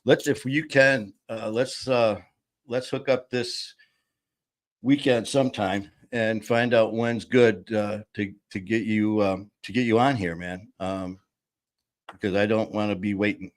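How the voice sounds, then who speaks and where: A man's voice: lowish voice, fairly even intonation, unhurried. A man hosting a casual live stream from a small studio into a table-mounted mic, joking and rambling with lots of restarts. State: a little loopy after anesthesia. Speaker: host.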